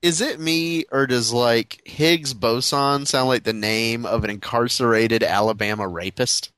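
A man's voice: medium pitch, measured pace, fairly bright tone, smooth, no echo. A man in casual chat who laughs often and teases the others with banter.

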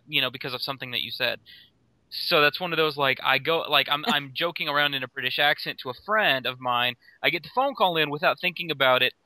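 Bright-voiced rambling man. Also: on the high side, dry recording, rough recording. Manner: rambling, animated storytelling with fillers. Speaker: podcast co-host, customer service supervisor. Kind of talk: casual chat.

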